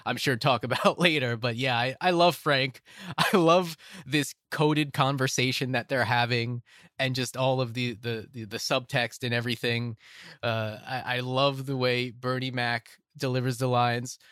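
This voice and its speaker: A man's voice: medium pitch, fairly even intonation, unhurried, a bit bright, dry recording, studio quality. Enthusiastic man hosting a film podcast. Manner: enthusiastic, repeats himself, restarts phrases. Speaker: podcast host. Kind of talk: casual film discussion podcast.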